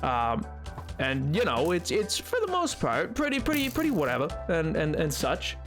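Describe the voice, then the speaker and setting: A high-pitched man chats casually to his stream viewers, excitable and playful, with frequent exclamations. Faint music plays underneath. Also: normal speed. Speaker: livestreamer.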